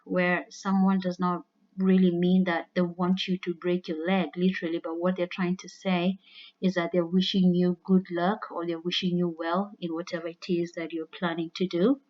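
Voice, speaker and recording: A woman's voice: on the low side, flat delivery, normal speed, muffled recording. A woman, an English teacher, giving a recorded lesson that explains figurative language in a loose, conversational way. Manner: conversational with frequent "all right" and "you know".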